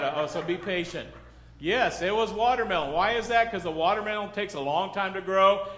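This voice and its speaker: A middle-aged pastor preaching a sermon in a loose, conversational way, joking, acting out little scenes and asking the congregation questions. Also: male voice, high voice, fairly bright tone. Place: church sanctuary. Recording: echoey church hall.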